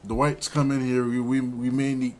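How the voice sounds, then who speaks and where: A man's voice: medium pitch, level tone, noisy background. A man co-hosting a casual sports podcast, who repeats words while he works out his point. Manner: halting, repeats words, teasing. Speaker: podcast co-host.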